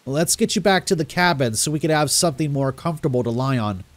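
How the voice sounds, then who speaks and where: A calm young camp counselor, played by a man, soothing and brisk. He reassures steadily and keeps things moving. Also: a little high, dry recording, natural voice. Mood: reassuring.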